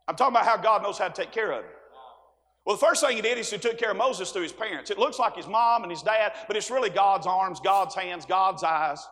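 A man preaches a sermon in a very high voice, folksy and direct. He moves from quiet asides to shouting, and every line rings on in a long church reverb. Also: fairly quick. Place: church sanctuary.

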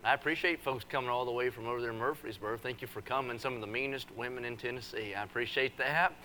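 Folksy, bright-voiced preacher man. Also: mid-range voice, quick pace, a little hiss or hum. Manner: folksy, teasing, builds to forceful preaching. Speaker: visiting preacher. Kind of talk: revival sermon with joking asides. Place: church service.

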